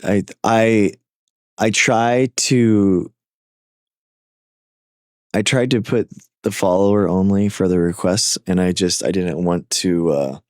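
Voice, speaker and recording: A man hosting a live stream, chatting casually with callers and explaining science in a hesitant, halting way. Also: deep voice, a little mellow, no room sound, clean studio sound. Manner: hesitant, halting, many fillers and restarts. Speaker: livestream host.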